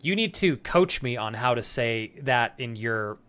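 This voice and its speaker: A man's voice: mid-range voice, animated, unhurried, bright, forceful tone, clean tone. A man streaming a video game, chatting casually with viewers, calling them by name and swearing now and then. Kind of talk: casual live-stream chat.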